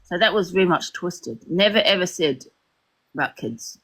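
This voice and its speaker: A woman's voice: lowish voice, animated, normal speed, a bit bright. A woman, a guest on a live stream, talking defensively and insistently in a heated argument.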